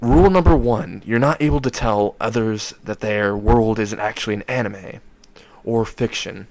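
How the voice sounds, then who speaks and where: A man's voice: fairly low pitch, normal speed, gravelly, a little mellow, no room sound. A man voicing a smug, mocking magical game system that explains rules with gleeful matter-of-factness. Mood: explaining. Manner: taunting, gleeful, matter-of-fact.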